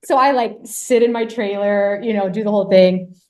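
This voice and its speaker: A woman guest on a podcast telling a story casually, lively and self-mocking, with lots of "like" and a bit of swearing. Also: mid-range voice, moderate pace.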